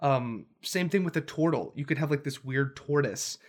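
A man co-hosting a casual tabletop game podcast, talking in an animated, rambling way and laughing often. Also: a little high, normal speed. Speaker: podcast co-host. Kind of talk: casual chat about tabletop games.

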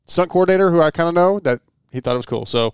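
Male podcast guest, fast and clear-voiced, self-deprecating. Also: on the high side, animated, no room sound, studio quality. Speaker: podcast guest, host of his own show. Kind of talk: casual chat.

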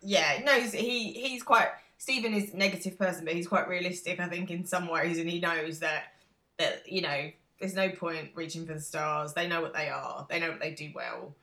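An English woman co-hosting a podcast, chatting about a show with opinionated, lively asides. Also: lowish voice, moderate pace, reverberant. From England. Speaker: podcast co-host. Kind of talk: casual chat recapping a show.

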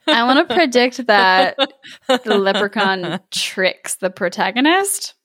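A woman's voice: mid-range voice, big pitch swings, slow pace, a bit bright, no room sound, studio quality. A woman co-hosting a podcast in casual chat, enthusiastic and laughing, with casual swearing. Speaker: podcast co-host, listener.

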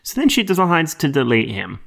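A man's voice: on the high side, wildly swooping pitch, brisk, vocal fry, a bit bright. A man co-hosting a podcast in casual chat, joking, laughing often and swearing freely. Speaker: podcast co-host.

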